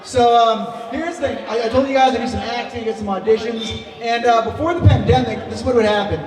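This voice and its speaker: High-voiced man doing stand-up in a club. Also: fast. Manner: chatty, riffs with the crowd. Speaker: stand-up comedian. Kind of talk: stand-up comedy set. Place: comedy club stage. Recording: roomy live club sound from a distance with crowd. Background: audience laughter and chatter.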